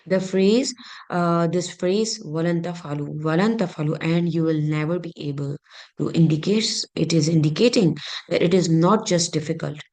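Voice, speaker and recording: A woman's voice: on the low side, moderate pace, darkish tone. A woman teaching an online grammar lesson, speaking hesitantly with many fillers and restarts.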